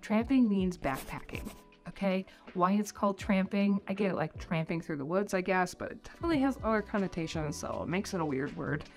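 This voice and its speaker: A woman's voice: medium pitch, animated, a little fast, a little mellow. A middle-aged American woman vlogging tips on life abroad, in a rambling, chatty way full of "like". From United States. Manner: chatty, rambling, heavy use of "like". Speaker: vlogger giving tips on life in New Zealand. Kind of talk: casual talking-head vlog. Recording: faint music underneath.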